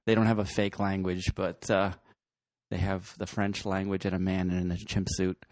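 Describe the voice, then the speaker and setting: A man's voice: deep voice, little pitch movement, moderate pace, darkish tone, dry recording. A man co-hosting a radio music show, introducing songs in rambling, dry casual chat. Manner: rambling and dry, with fillers and laughs.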